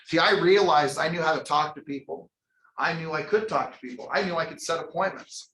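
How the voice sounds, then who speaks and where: A man leading a motivational real estate sales training for a live audience, energetic and preachy, calling on people by name. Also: a little high, fairly quick. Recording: echoey room.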